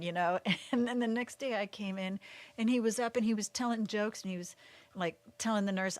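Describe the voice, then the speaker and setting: A woman in an easy, chatty storytelling mode, often breaking into laughter between her phrases. Her voice sits at a middling pitch and sounds close and dry, with no room around it. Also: normal speed, no room sound. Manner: animated, laughs through the story. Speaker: livestream co-host. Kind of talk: casual storytelling chat.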